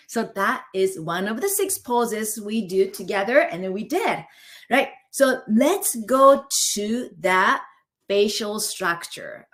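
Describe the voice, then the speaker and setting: Slightly high-voiced woman coaching a face yoga class. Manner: coaching, counts out holds, keeps checking in with "okay?". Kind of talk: live online guided exercise class.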